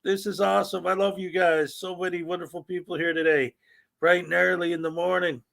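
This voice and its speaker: A man's voice: high voice, level tone, brisk, creaky, fairly bright tone. A man hosting a morning livestream, greeting viewers by name in an upbeat, rambling way. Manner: rambling, upbeat, reads out chat names. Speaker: livestream host.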